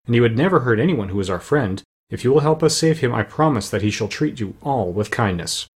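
A man's voice: mid-range voice, expressive, a little fast, slightly rough. A man doing an eager straw scarecrow. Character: cheerful straw-stuffed male scarecrow. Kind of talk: audiobook character voice.

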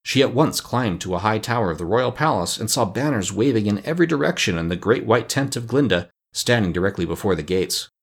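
A man narrating a classic children's storybook in a measured, even reading. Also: on the low side, slightly rough. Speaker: audiobook narrator. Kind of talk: scripted narration.

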